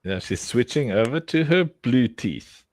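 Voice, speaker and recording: A man's voice: mid-range voice, lively intonation, a little slow, a little mellow, no echo. A man hosting a livestream, joking and teasing his guests in casual group chat. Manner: joking, teasing, laughs often. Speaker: livestream host.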